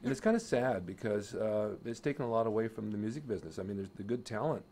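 Man, talk-show host, rapid, lowish voice, faint hum behind. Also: a little mellow. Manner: brisk, agreeable, plugs sponsors. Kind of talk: live chat show hosting.

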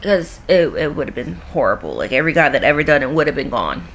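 Young female vlogger, lower register, blunt and profane, ranting casually from home. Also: sing-song, fast talker, a little hiss or hum. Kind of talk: casual vlog rant. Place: at home with her cat.

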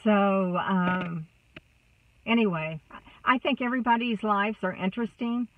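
A woman vlogger talks slowly and haltingly, restarting her words as she speaks from the heart. Her voice comes through thin and tinny, as if over a phone line. She sounds set back from the mic, in a dry room. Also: medium pitch, fairly even intonation, dry recording, distant mic. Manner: warm-hearted, halting with fillers and repeats. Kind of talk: casual chat to camera.

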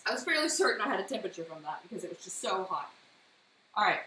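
A woman casually walking viewers through a baking demo from her home kitchen, slipping lively personal stories in between the steps. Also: mid-range voice, quick pace. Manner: chatty, animated anecdotes between step-by-step instructions. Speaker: baking streamer. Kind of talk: casual live-stream baking demo and storytelling. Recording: echoey kitchen with faint noise.

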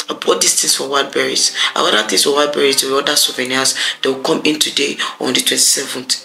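A woman's voice: deep voice, vocal fry, pushed and bright, rough recording. A young Nigerian woman vlogging, ranting in irritation and repeating herself as she talks. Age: young adult. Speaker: vlogger, medical graduate. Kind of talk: casual vlog rant. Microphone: camera mic.

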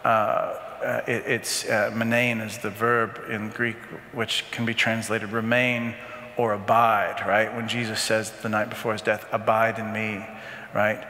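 Brief: earnest male parish teacher, bright forceful voice, halting repeats, long hall reverb. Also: lowish voice, flat delivery, a little hiss or hum. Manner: earnest, repeats words often, asks "right?". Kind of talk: adult faith formation talk. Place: church hall.

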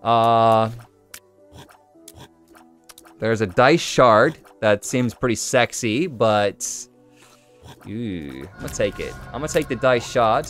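A man commentates his game stream in a loose, chatty way. His pitch jumps around a lot as he reacts and answers his viewers. Faint music plays behind him. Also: takes it slowly. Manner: chatty, animated, reads and answers chat.

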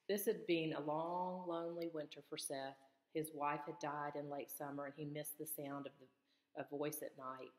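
A woman's voice: low-pitched, little pitch movement, normal speed. Woman teacher reading aloud in an echoey room. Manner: asks questions to check students' understanding. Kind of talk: reading a storybook aloud to children. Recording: echoey room with long reverb.

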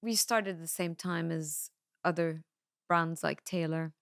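A woman hosts an interview, chatting easily and nudging her guest along with questions. Her voice sits fairly low, and the recording is dry and close-miked. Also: fairly even intonation, slow, clear, resonant tone, dry recording. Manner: chatty, prompting questions, encouraging backchannels. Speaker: podcast host, interviewer. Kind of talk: casual interview.

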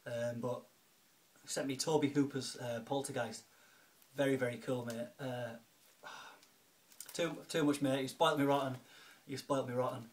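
A man's voice: medium pitch, steady tone, measured pace. A man chatting casually in a home vlog, thanking a friend and filling his talk with ums and restarts. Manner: chatty and grateful, lots of fillers and restarts. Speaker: video blogger, film collector.

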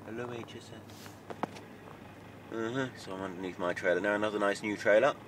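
A man, chatting wryly and self-mockingly to camera as he drives his truck. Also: fairly quick. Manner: chatty, wry and self-mocking, mild swearing. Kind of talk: casual running commentary while driving. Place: inside a truck cab. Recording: loud engine and road noise. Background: truck engine and road rumble.

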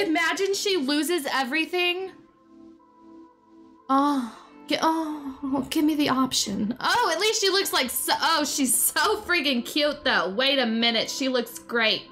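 A young woman chats through a life-sim session in a high, lively voice that swoops up and down as she exclaims at her characters. Soft music plays underneath. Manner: chatty, exclaims often, talks to her game characters. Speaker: gaming YouTuber. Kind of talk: casual let's-play commentary. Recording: faint background music.

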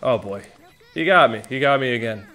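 A man's voice: mid-range voice, animated, brisk, sharp tone, faint music behind. A man giving rambling, joking commentary as he plays a video game stream. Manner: rambling, self-joking, exclamatory. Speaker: gaming streamer. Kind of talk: casual gameplay commentary.

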